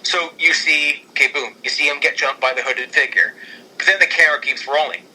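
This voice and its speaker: A man on a podcast excitedly pitching storylines in casual chat, rambling and often restarting his sentences. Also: fairly quick, a little hiss or hum, poor audio. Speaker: podcast co-host.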